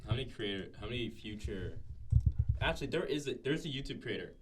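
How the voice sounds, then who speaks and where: Talking fast and animatedly at a medium pitch, this man co-hosts a podcast, rambling through casual chat full of fillers and restarts. There's noise in the background.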